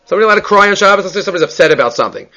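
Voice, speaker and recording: A man leads a daily Talmud class in a lively, questioning manner. His voice sits a little high for a man. He often mixes Hebrew terms into his talk. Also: very fast. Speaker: Talmud teacher.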